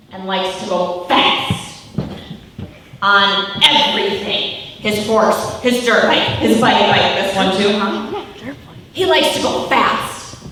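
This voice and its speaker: A woman in her thirties talks to a room of schoolchildren in a school hall, asking them question after question. Her voice is high, bright and very lively. She is recorded from far off, with a long hall echo and a faint hiss. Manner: interactive, asks the children many questions. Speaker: mother and guest speaker at a school. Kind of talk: storytelling talk to schoolchildren.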